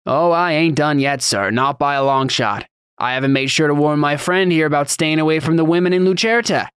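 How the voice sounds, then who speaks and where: A man's voice: mid-range voice, normal speed, fairly bright tone, no room sound, studio quality, lightly acted. A man voicing a sneering, bullying male laborer in a mocking, taunting drawl for an audiobook.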